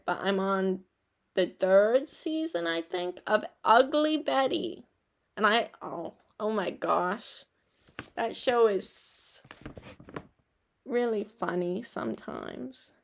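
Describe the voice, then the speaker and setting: A woman's voice: mid-range voice, creaky. A young woman hosting a podcast, chatting casually in a rambling, reflective way and laughing at herself now and then. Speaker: podcast host.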